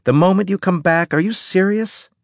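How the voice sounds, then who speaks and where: A firm, patient woman doctor, played by a male narrator in a raised voice. She speaks with steady authority, and the recording is close and dry. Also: fairly high pitch, normal speed, no room sound, pitched above the performer's own voice, close to an everyday voice.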